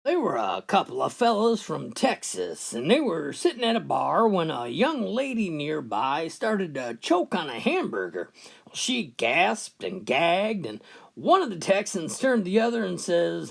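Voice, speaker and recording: Brief: folksy male joke teller, gravelly voice, lively pitch. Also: measured pace. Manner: folksy, starting with "well". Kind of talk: storytelling jokes.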